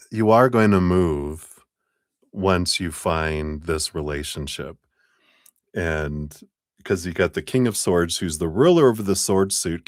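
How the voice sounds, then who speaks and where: A man's voice: sits low, no echo, studio quality. A man giving a tarot reading on a livestream, rambling and chuckling, restarting his sentences. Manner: rambling, self-interrupting, chuckling. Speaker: tarot reader.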